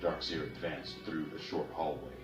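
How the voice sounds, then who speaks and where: A man narrating a story in a measured, steady way. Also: extremely low pitch, music in the background. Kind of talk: story reading. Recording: roomy, distant, noisy ambience.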